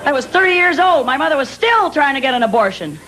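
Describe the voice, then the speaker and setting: A man's voice: very high-pitched, sing-song, over a noisy crowd, very noisy. A man firing off self-deprecating one-liners in a live stand-up set. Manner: rapid-fire, self-deprecating punchlines. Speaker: stand-up comedian. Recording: live show with loud audience laughter.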